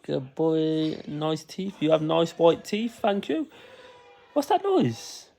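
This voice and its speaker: A man's voice: fairly high pitch, big pitch swings, slow pace, gravelly, mellow. A man playing with his young child, teasing in a sing-song way and often laughing. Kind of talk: playful talk with a toddler.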